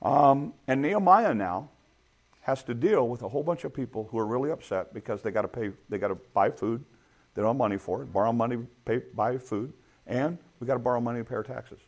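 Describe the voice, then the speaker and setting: A man's voice: mid-range voice, brisk. A middle-aged man preaching a sermon in a conversational way, asking his listeners rhetorical questions. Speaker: pastor.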